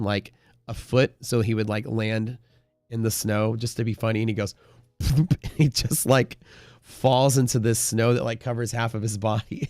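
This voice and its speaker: A man's voice: mid-range voice, no echo, studio quality. A man hosting a live day-trading stream, chatting casually in a rambling way, full of fillers and the odd swear word.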